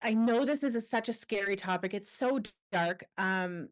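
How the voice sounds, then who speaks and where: A woman guest on a podcast interview, telling a personal story with candid, animated energy and quoting others as she goes. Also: medium pitch, moderate pace. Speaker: guest, anti-trafficking expert.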